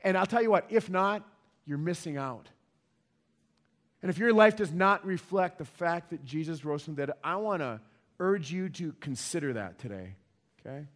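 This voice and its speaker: A man's voice: fairly high pitch, lively intonation, normal speed. Emphatic man preaching a sermon. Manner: emphatic, repeats key points, asks the audience questions. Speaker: pastor.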